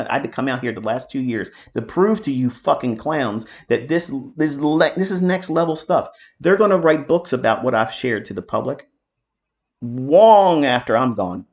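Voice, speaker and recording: A middle-aged man giving a trading lesson, blunt and profane, with boastful, heated asides. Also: mid-range voice. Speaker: trading mentor. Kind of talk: market commentary lesson.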